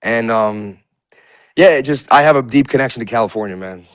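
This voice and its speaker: A man's voice: mid-range voice, a little fast, clean tone, dry recording, low-quality recording. A man in his forties from New York, a guest telling personal stories in a rambling way, full of filler words. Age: 40s. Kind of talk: casual conversation.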